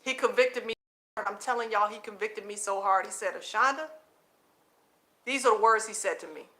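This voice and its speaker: A woman hosting her own channel, preaching casually to viewers she calls family, animated and repeating phrases for emphasis, laughing often, recorded at home at night with her children nearby. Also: mid-range voice, fast talker. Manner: laughs often between points.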